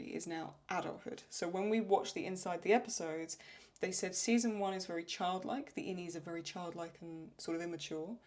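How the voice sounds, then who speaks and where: Chatty woman thinking aloud, slightly low voice. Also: darkish tone. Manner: thinks aloud with restarts, laughs when retelling funny lines. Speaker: channel host answering viewer questions. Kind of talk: casual Q&A chat.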